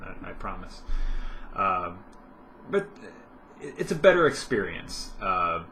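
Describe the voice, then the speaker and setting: A man's voice: low voice, sing-song, takes it slowly, bright, forceful tone, slight background noise. A young man vlogging at home in casual chat, rambling with lots of fillers and self-corrections.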